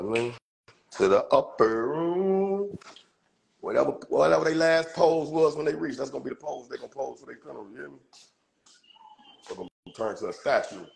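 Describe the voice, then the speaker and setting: A man's voice: medium pitch, vocal fry, a little hiss or hum. A man hosting a casual livestream, with a cold, talking in a profane, boastful, rambling way full of street slang. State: has a cold. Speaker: livestream host.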